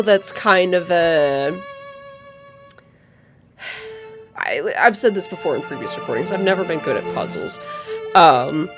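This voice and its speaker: A woman hosting a let's play, talking casually about the game in a relaxed, chatty way. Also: deep voice. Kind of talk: casual gameplay commentary.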